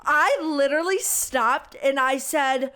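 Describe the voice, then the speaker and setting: A young woman with a fairly high voice tells a story to her podcast co-host. She talks in a casual, rambling way, full of "like" and animated turns. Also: slow, noisy background. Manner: animated, rambling, heavy use of "like".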